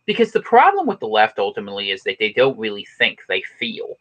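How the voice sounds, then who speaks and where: A man co-hosting a casual live stream chat, joking and rambling as he goes. His voice is bright and forceful and swings widely in pitch. The sound is dull and lo-fi. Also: huge pitch swings. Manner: joking, rambling, quick to laugh. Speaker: co-host of a live stream show.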